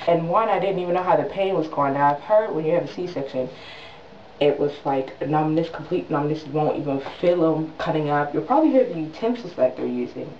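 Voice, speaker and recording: A woman's voice: low voice, a little hiss or hum. Young woman vlogging, dramatic storyteller, kinda far from the mic, roomy dull sound. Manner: animated, dramatic retelling with quick voiced asides. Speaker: new mother vlogger. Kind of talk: casual storytelling vlog. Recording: distant mic in an echoey room, dull sound.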